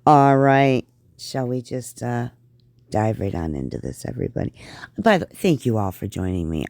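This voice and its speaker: A woman's voice: extremely low pitch, creaky, dark tone, no room sound, clean studio sound. A middle-aged woman hosting reaction commentary, blunt and scornful, rambling through asides. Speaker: reaction channel host.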